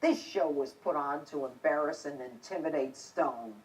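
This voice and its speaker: A woman's voice: sits low, moderate pace, far from the mic, low-quality recording. A middle-aged woman, a TV host and former police officer, delivering a scripted opinion monologue in a combative, indignant, emphatic way.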